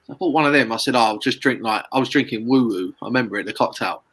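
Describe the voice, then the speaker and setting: A man's voice: mid-range voice, very fast, a bit bright, breathy edge. A man from the north of England telling rambling stories in casual chat and laughing at himself.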